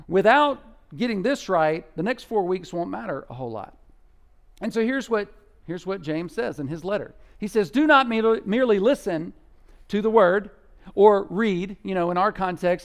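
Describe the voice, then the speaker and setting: A man preaching a sermon as pastor in a church, talking conversationally and playfully mimicking his listeners. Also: high voice. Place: church sanctuary.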